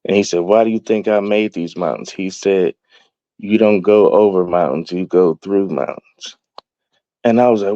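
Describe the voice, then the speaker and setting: A man's voice: low voice, normal speed, dark tone, no echo. A young man telling a personal story as a guest, laughing as he goes and acting out the quoted dialogue. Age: young adult. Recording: dull, dry, lo-fi sound.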